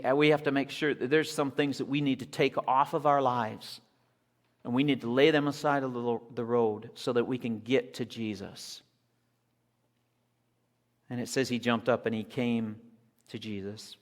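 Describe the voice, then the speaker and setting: A man preaching a sermon with animated storytelling, acting out the scenes, recorded in an echoey church hall. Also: mid-range voice, normal speed.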